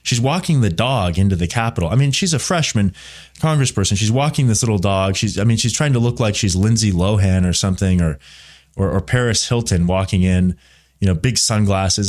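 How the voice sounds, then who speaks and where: A man's voice: on the low side, fairly quick, darkish tone. A man hosting a solo political commentary show, speaking in an opinionated, blunt way that drifts into side remarks.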